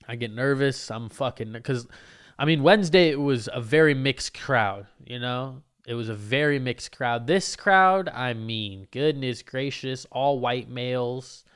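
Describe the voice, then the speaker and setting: A young man telling a story about his comedy gigs in a casual, animated and profane way, mocking himself. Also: mid-range voice, clear, resonant tone.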